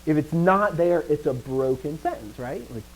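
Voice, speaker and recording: A man teaching Greek grammar to a class, lively, putting questions to his students and often dropping to a quiet trailing voice. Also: fairly high pitch, normal speed, a little hiss or hum, rough recording. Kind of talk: classroom lecture.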